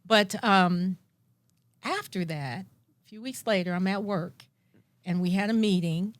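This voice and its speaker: Woman guest, animated storyteller, mid-pitched, dry close sound. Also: a little slow, dry recording. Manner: animated, acts out her own past thoughts. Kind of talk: personal storytelling.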